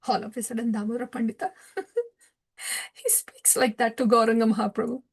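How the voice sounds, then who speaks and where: A woman giving a scripture class who tells a story in a soft voice, often sinking to a breathy near-whisper. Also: fairly high pitch, fairly even intonation, a little fast. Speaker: scripture teacher.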